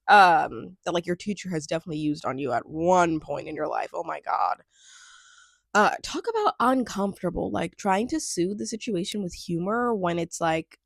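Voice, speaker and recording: Chatty young woman, lively sarcastic recap. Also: on the low side, vocal fry, no room sound, clean studio sound. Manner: chatty, laughs a lot, trails off and restarts, sarcastic asides. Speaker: show recap host. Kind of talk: casual chat.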